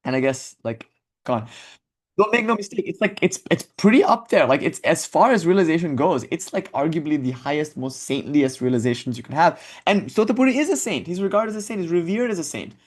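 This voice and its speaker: A man's voice: a little high, animated, brisk, darkish tone. A man giving a reflective spiritual talk in a conversational, self-questioning way, thinking aloud as he goes. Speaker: spiritual teacher.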